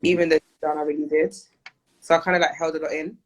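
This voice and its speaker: A woman's voice: sits low, level tone. A woman guest talking candidly and chattily in an interview over a video call. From United Kingdom. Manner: chatty, candid, quick to laugh.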